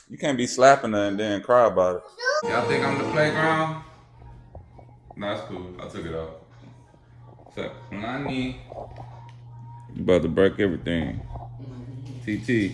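Slow, lively young man, noisy home clip. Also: mid-range voice, over loud music. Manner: playful, coaxing, laughs often. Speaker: vlogger. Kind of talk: casual home vlog, talking to kids and dogs. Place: home kitchen.

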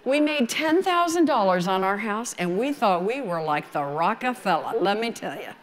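A woman in her sixties with a Southern American accent, telling her story at a photography conference in a folksy, animated way. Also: medium pitch, normal speed, long reverb tail. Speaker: photography speaker. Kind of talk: conference talk.

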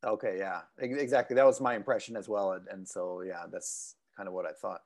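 A man's voice: sits low, steady tone, brisk, a little mellow. A man from the Italian-speaking part of Switzerland hosting an interview, rephrasing his questions several times as he goes. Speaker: interviewer host. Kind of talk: conversational interview.

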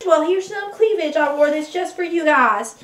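Actress doing a high-pitched, sassy Southern US vlogger, indignant comedy character, echoey room, faint music behind. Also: female voice, expressive, moderate pace, a bit bright. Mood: proud. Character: brash Southern woman vlogger, touchy and boastful. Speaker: vlogger answering comments.

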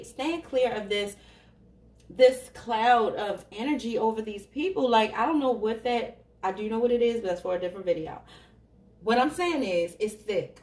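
In a fairly high, slightly mellow voice, a woman reads tarot cards for viewers, chatting casually, laughing often, and speaking to them directly. The recording is echoey, with her voice somewhat far from the mic.

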